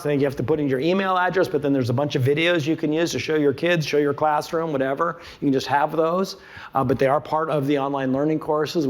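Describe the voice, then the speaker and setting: A man presenting a curriculum to an audience. He talks emphatically, repeats his key points and asks rhetorical questions. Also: on the high side. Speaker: conference speaker presenting a curriculum.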